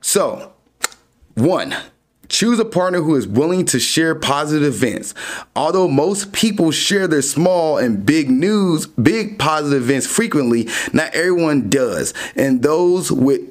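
A man's voice: fairly high pitch, unhurried. A man hosting a dating podcast, casually explaining ideas through everyday examples. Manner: explains through everyday examples, animated when acting out scenes.

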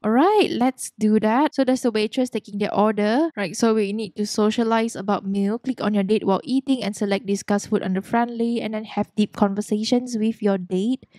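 A young woman hosting a let's play, narrating a life-sim game in a bubbly, excitable way. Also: medium pitch, normal speed, few pauses, no echo, clean studio sound. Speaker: gaming channel host.

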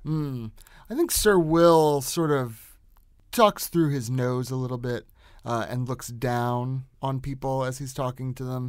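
A man's voice: mid-range voice, unhurried, clean tone, no room sound, clean studio sound. A man playing a tabletop game, chatting in a playful, joking way. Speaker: game player. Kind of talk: casual tabletop game chat.

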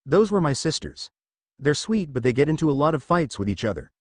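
Storybook princess, upbeat and friendly, swinging pitch; a male narrator reads her. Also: sing-song, a little fast, no room sound. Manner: bright, friendly. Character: cheerful alien princess, young woman.

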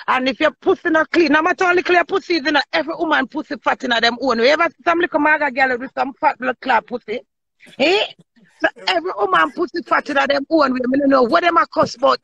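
A woman's voice: high-pitched, vocal fry, pushed and bright, dry recording. A woman with a Jamaican accent chatting casually on a live stream, blunt, brash and boastful, talking in patois. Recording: dull lo-fi sound.

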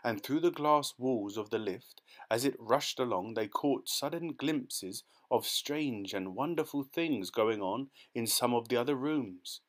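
A man narrating a children's storybook in a lively, expressive manner. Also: mid-range voice, a little slow, few pauses. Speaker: audiobook narrator.

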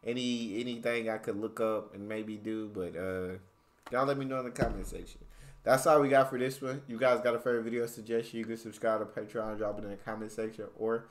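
A man's voice: on the low side, steady tone, fairly quick. Laid-back American man reacting on camera. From United States. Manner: loose and chatty, full of fillers and laughs. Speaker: reaction video host. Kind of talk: casual reaction commentary.

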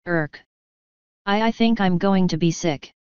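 A woman voicing a timid, gentle pegasus mare who speaks softly with a small stammer, in a storybook reading. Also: on the low side, measured pace, smooth, no echo, natural voice. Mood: queasy. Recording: dull lo-fi recording.

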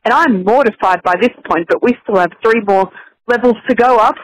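A woman's voice: a little fast, a little hiss or hum. Australian woman telling a story by phone. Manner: animated storytelling, high voice for child quotes. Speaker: caller. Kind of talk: recorded voicemail story. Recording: tinny phone-line recording.

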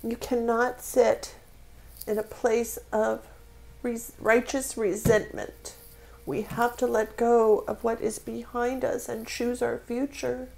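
A woman's voice: fairly high pitch, flat delivery, slow pace, vocal fry, darkish tone. A woman giving a tarot reading, speaking with spiritual feeling and emotion, close to tears. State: tearful. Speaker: tarot reader.

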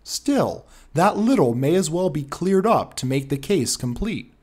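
A man voicing a calm, sternly authoritative male detective in a storybook reading. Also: on the high side, a little slow, husky, full character voice. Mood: coolly accusing. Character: cool, commanding male detective, sharp and dry.

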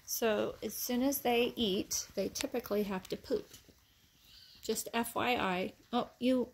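A woman narrates a casual vlog with her puppies, talking in a slow, unhurried way that lifts into high sing-song praise. Her voice sits a little high. A faint hiss of background noise runs under the phone recording. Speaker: dog breeder.

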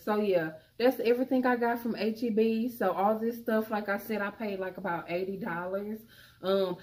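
A young woman chatting casually to viewers about her grocery haul, calling them y'all. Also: medium pitch. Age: young adult. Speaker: vlogger.

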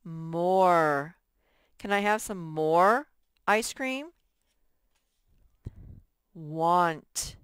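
Woman teacher going slow thru a first grade workbook, smooth clear voice, dry close mic. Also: on the low side, fairly bright tone, no room sound. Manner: slow, patient, sounding out words for young children.

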